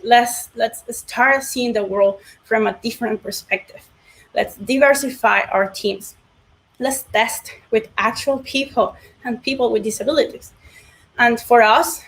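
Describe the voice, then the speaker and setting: A woman's voice: fairly high pitch, rough recording. A woman speaker closing her tech talk with earnest, encouraging advice. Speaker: conference speaker.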